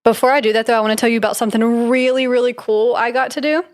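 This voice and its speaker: A woman's voice: on the high side, steady tone, racing. A woman co-hosting a podcast, telling a story in a chatty, giggly way with lots of "like" and "um". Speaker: podcast co-host. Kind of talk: casual storytelling chat.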